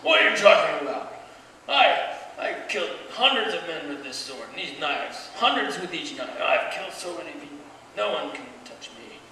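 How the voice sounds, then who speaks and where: Man putting on a loud boasting warrior. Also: fairly high pitch, big pitch swings, normal speed, slight background noise, pitched above the performer's own voice, heavily acted. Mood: boastful. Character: fierce male warrior, boastful killer. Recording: echoey room, distant mic.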